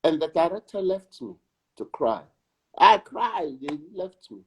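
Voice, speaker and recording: South african guy talking slow, kinda husky, repeats himself to hammer a point. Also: fairly high pitch, sing-song. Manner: slow, emphatic, repeats words for weight. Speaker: actor and director, interview guest. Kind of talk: reflective conversation.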